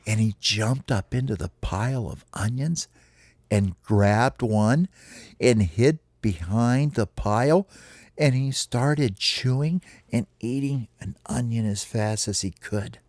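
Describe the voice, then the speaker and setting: A man telling a playful children's story to his kids in an animated way. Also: lowish voice, measured pace, dry recording, clean studio sound. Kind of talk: bedtime storytelling.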